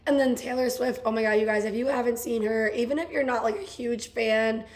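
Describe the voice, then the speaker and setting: Hoarse twenties girl, voice shot, gushy chatty podcast cohost, kinda high. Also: fairly quick. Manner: bubbly, gushing, many "like"s. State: hoarse, voice worn out. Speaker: podcast co-host. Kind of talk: casual chat.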